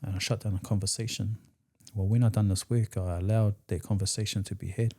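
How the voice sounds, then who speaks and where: A man's voice: lowish voice, steady tone, a little fast, dark tone. A man with a New Zealand accent, a podcast guest telling his personal story in a raw, emotional way, swearing freely and re-enacting past conversations.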